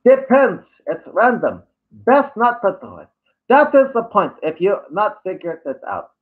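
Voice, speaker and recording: A man's voice: high-pitched, huge pitch swings, measured pace, voice pushed up, exaggerated voice. A man voicing a condescending male online commenter in a put-on thick accent, lecturing and sneering. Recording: tinny phone-like audio.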